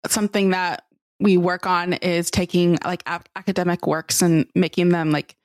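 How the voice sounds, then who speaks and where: A young woman guest on a podcast speaks with a low, gravelly voice, joking and quick to poke fun at herself. The sound is dry and close, with no room echo. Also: level tone. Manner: joking, laughs easily, self-deprecating. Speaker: podcast guest, co-host of another show. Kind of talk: casual interview talk.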